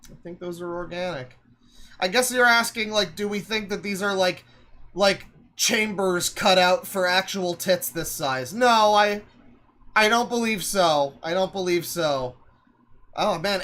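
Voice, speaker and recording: A man's voice: high voice, measured pace, sharp tone. A man streaming live, reacting to videos with wry, crude, rambling asides.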